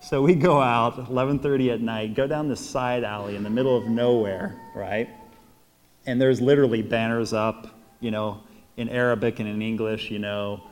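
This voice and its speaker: A man with an American accent, a priest giving a homily, an animated storyteller who acts out quotes and laughs often. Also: medium pitch, a little fast, big-room sound. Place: church.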